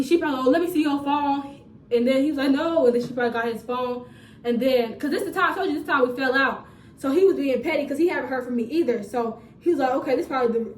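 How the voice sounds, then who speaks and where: A young woman telling a storytime vlog in a casual, animated, profane way with laughing asides, filmed on a phone. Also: high voice, a little hiss or hum. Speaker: storytime vlogger. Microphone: phone camera. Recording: roomy phone recording from a distance.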